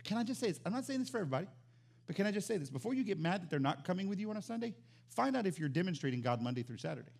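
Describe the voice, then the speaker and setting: A high-voiced man preaching a sermon as pastor. He is animated, jumping from loud exclamations down to quiet, emphatic lines. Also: very fast, creaky.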